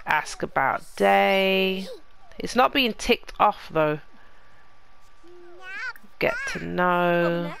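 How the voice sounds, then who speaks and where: Slow, gravelly woman chatting through a game. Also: fairly low pitch, animated, a bit bright. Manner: chatty, talks to her game characters. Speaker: gaming channel host. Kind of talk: casual let's play commentary.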